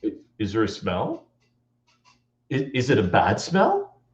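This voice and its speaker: A man's voice: on the low side, wildly swooping pitch, slow, reverberant, dull audio, pitched below the performer's own voice, exaggerated voice. A man voicing a confused little boy who stammers anxious questions.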